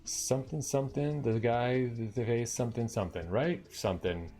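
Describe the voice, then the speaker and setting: A man's voice: mid-range voice, normal speed, mellow, faint music behind. A man from Long Island, New York, chatting casually and rambling with lots of fillers as he wraps up a live coding stream. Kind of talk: casual chat to viewers.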